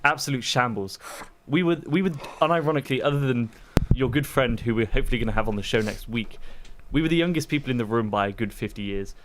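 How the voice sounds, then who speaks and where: A man's voice: medium pitch, fast. Man, wry dry humor, casual chat, faint background noise. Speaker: guest.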